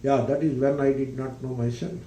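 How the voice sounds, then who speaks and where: Guy doing calm monk saying no, short and flat, deep gravelly tone, far-away mic. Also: normal speed, natural voice. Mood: detached. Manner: flat, terse refusals. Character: calm detached monk, a young man. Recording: roomy, distant mic, faint ambience.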